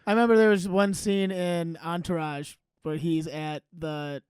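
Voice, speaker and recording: A man's voice: a little high, steady tone, unhurried, darkish tone, smooth, no echo, studio quality. A man co-hosting a comedy podcast in casual chat, joking and laughing often. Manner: joking, laughs often, does silly voices.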